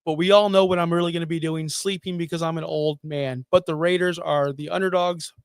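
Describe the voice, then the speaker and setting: A middle-aged man hosting a fantasy football show, talking in animated, sarcastic, jokey rants. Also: a little high, fairly quick, smooth, no room sound, studio quality. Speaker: fantasy football podcast host. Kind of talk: casual sports talk.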